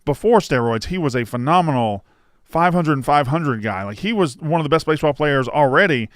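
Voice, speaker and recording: A man's voice: fairly high pitch, expressive, a little fast, dry recording, clean studio sound. A man co-hosting a casual sports podcast, emphatic and stumbling over restarts when worked up. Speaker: podcast co-host.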